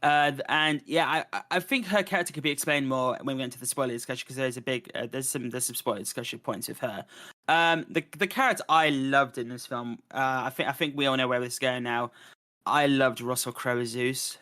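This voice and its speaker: A man talks through a film review in loose, casual podcast chat, and his voice rings bright and forward. He rambles, circles back and restarts his sentences often, with plenty of fillers between thoughts. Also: medium pitch, brisk. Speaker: podcast host.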